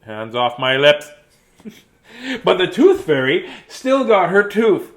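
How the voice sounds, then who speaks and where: A man's voice: fairly high pitch, big pitch swings, slow pace. A man reading children's picture books aloud in a playful, silly way, laughing and chatting between pages. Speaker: children's book reader.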